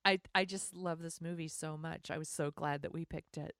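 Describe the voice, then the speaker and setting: A woman's voice: deep voice, fairly even intonation, moderate pace, creaky, sharp tone, dry recording, clean studio sound. A woman co-hosting a podcast, chatting casually and laughing often. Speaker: podcast co-host. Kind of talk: casual chat.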